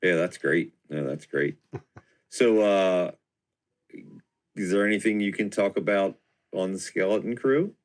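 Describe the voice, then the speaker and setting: A man's voice: low voice, measured pace, pauses often. A man co-hosting a podcast who chats casually with his guest, gives short reactions and laughs often. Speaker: podcast co-host. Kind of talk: casual interview chat.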